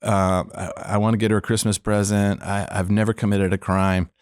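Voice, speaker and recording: A man voicing a nervous arrested man who pleads halting excuses, told in a deep everyday voice. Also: little pitch movement, smooth, dry recording, clean studio sound, natural voice. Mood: pleading.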